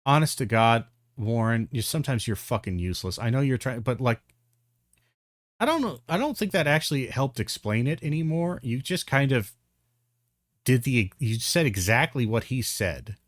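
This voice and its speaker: Streamer, man, mid pitch, dry close sound, blunt and profane, exasperated commentary. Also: big pitch swings, normal speed, dry recording. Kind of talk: reaction commentary.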